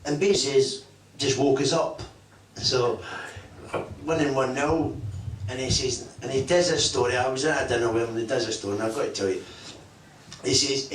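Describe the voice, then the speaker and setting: A middle-aged man telling swear-laden, self-mocking anecdotes at a live event. His voice sits at an ordinary pitch and echoes around the function room. It sounds like it was caught from a microphone some distance away. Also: moderate pace, a little hiss or hum. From Scotland. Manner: profane, self-mocking punchlines. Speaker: guest, former footballer. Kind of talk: live anecdote storytelling on stage. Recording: echoey room, voice picked up from afar.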